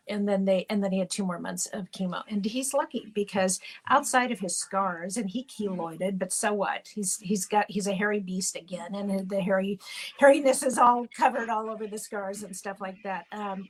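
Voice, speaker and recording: A woman's voice: medium pitch, steady tone, moderate pace, poor audio. A middle-aged woman talks openly as an interview guest, her voice sitting in an ordinary middle register. She tells a personal story candidly, and now and then her voice catches with emotion. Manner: candid, gets choked up at moments. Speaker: interview guest, actress and mother.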